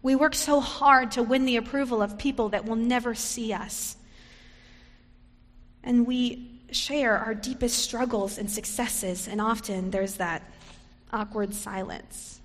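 A woman pastor delivering a sermon in a measured, reflective storytelling manner. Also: fairly high pitch, fairly even intonation, long reverb tail.

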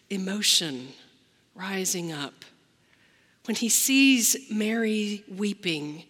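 A woman pastor delivering a slow, reflective sermon, acting out the lines she quotes. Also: mid-range voice, a bit bright, in a large hall.

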